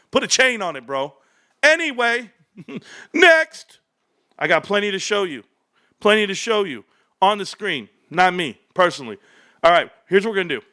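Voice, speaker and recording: Energetic male streamer, 30s, rambling and animated, bright tense tone. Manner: hyped, rambling, loud swings, laughs often; lower storytelling mode. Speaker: stock livestream host. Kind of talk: excited livestream ranting.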